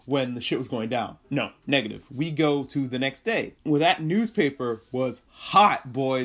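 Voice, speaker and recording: A man's voice: mid-range voice, animated, fairly quick, few pauses, lo-fi sound. A man hosting a podcast, recapping an episode in casual, swearing, jokey chat. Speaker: podcast host.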